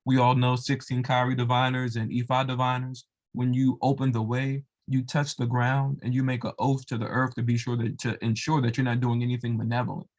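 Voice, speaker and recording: A man's voice: mid-range voice, completely flat delivery, a little fast, hardly any pauses, a little mellow. Guy telling an old religious story, loose and chatty, lots of ums. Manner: loose, with many fillers. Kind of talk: casual oral storytelling.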